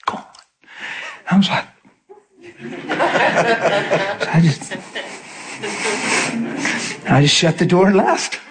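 A man's voice: high-pitched, drawn-out words, pauses often, heavy background noise. A middle-aged male pastor preaching in storytelling style, acting out the voices of people he quotes. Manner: animated, acts out quoted voices. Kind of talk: sermon storytelling.

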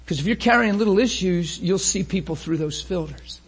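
A man preaching a sermon with great passion, often rising to a shout and acting out how his listeners would react. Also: high-pitched, normal speed, hardly any pauses, slightly rough.

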